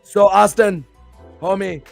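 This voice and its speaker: A man's voice: high-pitched, steady tone, takes it slowly, creaky, soft background music. A male host and pro wrestler chatting on a live stream show in a hyped, rambling, playful way.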